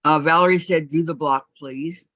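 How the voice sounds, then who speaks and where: A woman's voice: sits low, fairly even intonation, moderate pace, a bit bright, no room sound. A woman hosting a casual quilting live stream, chatting, laughing and reading viewer comments aloud. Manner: chatty, laughs often, reads chat aloud. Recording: muffled lo-fi dry audio.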